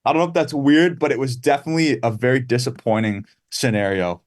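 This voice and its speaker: A man's voice: mid-range voice, fast talker. A man from Canada chatting casually as a guest musician, rambling through lists and laughing easily. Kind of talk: casual interview chat.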